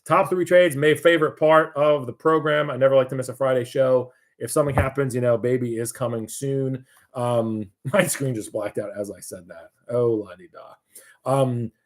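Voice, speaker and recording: Rambling casual man. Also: mid-range voice. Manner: loose, rambling, jokey, self-correcting. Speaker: market analyst host. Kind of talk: casual market commentary over charts.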